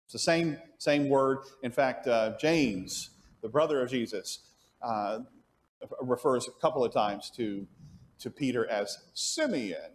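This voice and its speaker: Leading an adult Bible study at church, this man speaks in a mid-range voice at a measured pace. He often starts his sentences over while thinking aloud, and he answers the questions he puts to the group himself.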